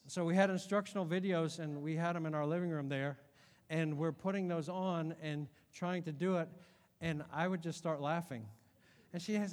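A middle-aged man preaching a sermon as pastor, animated, dropping to a hush and then shouting. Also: a little high, normal speed. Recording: long hall reverb.

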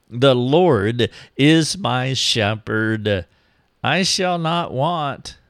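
A man preaching a sermon, slow and deliberate, reading scripture aloud. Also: mid-range voice, fairly bright tone, dry recording, studio quality.

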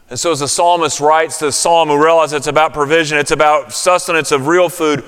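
A man preaching a sermon, telling a story, then softening to a hushed, soothing voice. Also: fairly high pitch, fairly even intonation, brisk, hardly any pauses, clear, resonant tone, long reverb tail. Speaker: pastor.

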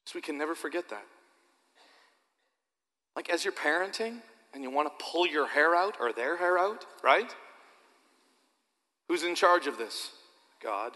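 Bright-voiced male pastor preaching. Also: fairly high pitch, measured pace, long pauses, big-room sound. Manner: animated, repetitive, talks to the audience directly. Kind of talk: sermon. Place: church.

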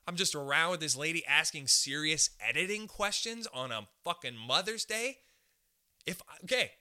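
Animated, swearing young man on a podcast. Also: sits high. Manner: animated, swears a lot, acts out other people's lines. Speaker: podcast host. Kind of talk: casual comedic storytelling.

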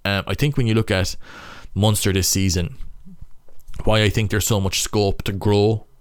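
Irish man, young, low smooth voice, stop-start casual rugby analysis. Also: flat delivery, normal speed, no room sound. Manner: stop-start, thinking aloud. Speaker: rugby player analysing match footage. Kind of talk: casual match breakdown commentary.

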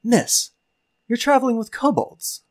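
Brief: man putting on a green young adventurer, nervous stammer, excited and high. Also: measured pace. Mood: eager. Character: eager green young male monster hunter.

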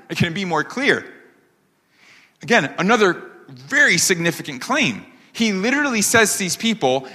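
A man preaching a sermon as pastor, emphatic, asking rhetorical questions and slowing down on key phrases. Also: sits high, sing-song, sharp tone. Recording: long hall reverb.

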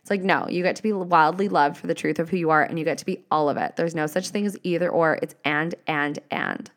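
A woman's voice: sits low, fairly even intonation, a little fast. A woman hosting a motivational solo podcast, talking casually with lots of swearing and "like" fillers. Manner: swearing, gushing, uses many "like" fillers. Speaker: podcast host.

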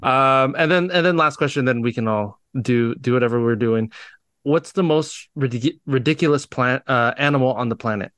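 A man hosting a casual podcast chat, talking in halting bits with frequent restarts. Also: mid-range voice, fairly bright tone, dry recording. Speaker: podcast host.

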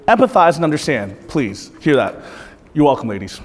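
A man with a high-pitched voice preaches a sermon, earnest and direct, often turning questions on his listeners. His voice rings through a church with long hall reverb. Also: big pitch swings, normal speed. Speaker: pastor.

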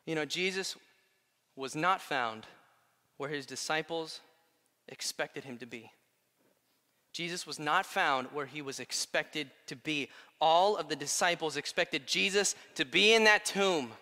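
Male pastor preaching in a big hall with long reverb, high and bright-toned. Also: unhurried. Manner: animated, swings from quiet to loud. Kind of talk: sermon.

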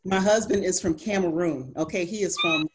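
A woman co-hosting a podcast, chatting casually in a lively, playful way. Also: on the low side, normal speed. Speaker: podcast co-host. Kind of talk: casual chat.

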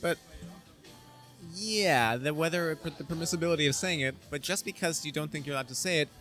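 A man, a comedian, talking in a bar in a halting, thoughtful way, searching for words. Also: fairly high pitch, a bit bright, soft background music. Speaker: comedian guest. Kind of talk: casual bar-room chat. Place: bar, indoors.

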